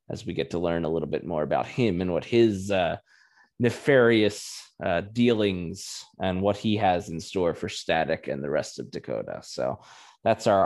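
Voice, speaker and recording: A man co-hosting a podcast chats casually through a review, wry and joking and dropping frequent "uh"s. His voice is deep with a darkish tone.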